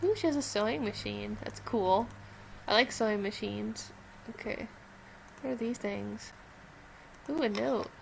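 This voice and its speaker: A woman's voice: medium pitch, unhurried, gravelly, pauses often, slight background noise, low-quality recording. A woman playing a video game, chatting casually and thinking aloud as she explores. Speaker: game player. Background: loud game music.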